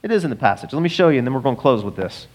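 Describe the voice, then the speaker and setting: A man preaching a sermon, telling stories with animated, emphatic delivery. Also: medium pitch, rapid-fire, slightly rough. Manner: animated storytelling preacher, rising to emphatic peaks. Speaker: pastor.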